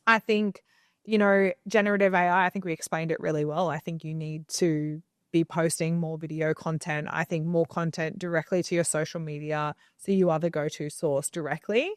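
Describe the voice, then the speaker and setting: A young woman co-hosts a casual podcast from a home studio, talking in a lower register. She gives advice in a chatty, opinionated way. The sound is close and dry, with little room echo. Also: steady tone, normal speed. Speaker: podcast co-host.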